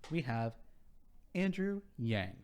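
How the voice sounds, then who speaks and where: A man's voice: medium pitch, sing-song, takes it slowly, a little mellow, a little hiss or hum. A young man hosting a casual podcast chat, reading a rundown with sarcastic, profane asides. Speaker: podcast host.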